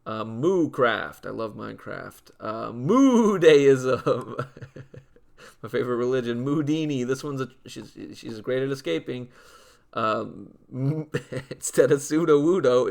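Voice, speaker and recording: A man's voice: mid-range voice, a little slow, gravelly. A young man giving casual gameplay commentary, listing names in a dry, matter-of-fact way with amused asides. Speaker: gaming video creator.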